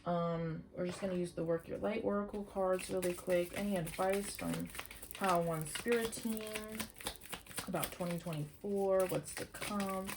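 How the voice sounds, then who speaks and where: A tarot reader does a casual, excitable card reading for her viewers, swearing freely and breaking into exclamations as she pumps them up. Her voice is medium in pitch and a little slow.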